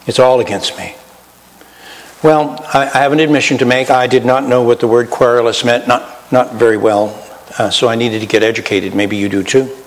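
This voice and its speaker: A man's voice: medium pitch, fairly even intonation, brisk, big-room sound, rough recording. A man preaching a sermon in a folksy, self-deprecating way, shifting his pace and volume for emphasis. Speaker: pastor.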